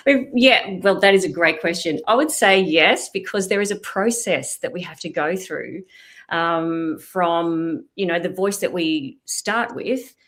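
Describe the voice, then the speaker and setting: A woman's voice: lowish voice, animated, slow, a bit bright. A middle-aged woman, a voice specialist, explaining and demonstrating vocal technique in an interview. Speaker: voice specialist guest. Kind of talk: expert interview talk.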